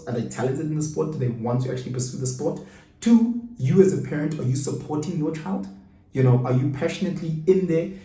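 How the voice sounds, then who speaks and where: A middle-aged South African man giving an animated, rhetorical monologue. He asks questions and repeats himself for emphasis. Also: on the high side. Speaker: host. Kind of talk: casual monologue. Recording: roomy room, mic at a distance.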